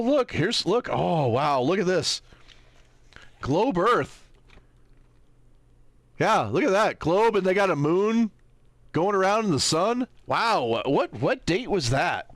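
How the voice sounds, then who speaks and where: A man's voice: high-pitched, dry recording. A man hosting a livestream, giving sarcastic, mocking commentary as he browses and squints at small text, often tossing out rhetorical questions. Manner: sarcastic, mocking, keeps asking "right?"; squints at small text, reads aloud haltingly. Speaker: livestream host.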